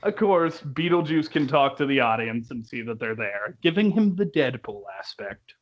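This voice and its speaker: A man's voice: mid-range voice, animated, normal speed. A young man reviewing a musical in casual chat, laughing often and quoting lines in put-on voices. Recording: dull lo-fi recording.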